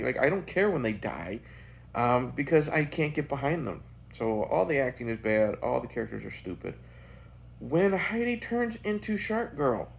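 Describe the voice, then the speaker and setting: A man's voice: mid-range voice, creaky. A man giving a casual, profane and blunt review of a bad movie as the host of his channel.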